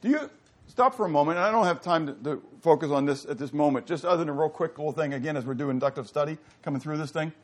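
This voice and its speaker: A man leads a Bible study class in a lively, questioning way. He keeps asking his listeners to answer and leans into loud emphasis on the words that matter. His voice sits a little high for a man. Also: racing, hardly any pauses. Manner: animated, quizzes the audience, rising to loud emphasis. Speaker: Bible teacher.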